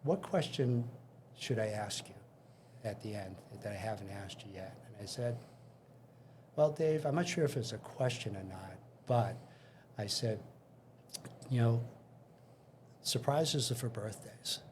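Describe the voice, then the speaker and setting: An older man, guest in an interview, speaks at a measured pace with long pauses in a lowish, darkish voice. He casually shares career anecdotes, acting out dialogue and restarting often, and a little hiss or hum can be heard.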